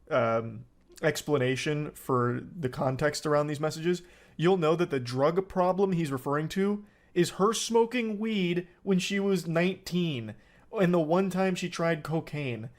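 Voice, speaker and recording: A male streamer with a somewhat raised pitch reads text messages aloud on a live stream. His commentary is sarcastic and incredulous, and he swears often. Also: unhurried.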